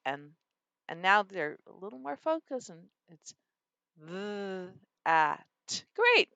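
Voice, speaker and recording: A woman's voice: medium pitch, slow pace, gravelly, smooth, no echo, highs cut off. A woman reading teacher explaining a phonics game and acting out her students' answers. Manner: animated, acts out student answers.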